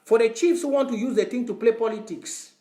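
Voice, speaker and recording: A man delivers a fervent, repetitive address, hammering his points like a lecture. His voice sits high for a man. The room around him rings with a roomy echo. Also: fairly quick, warm tone. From Southern Cameroons. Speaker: online activist. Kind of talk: impassioned address to followers.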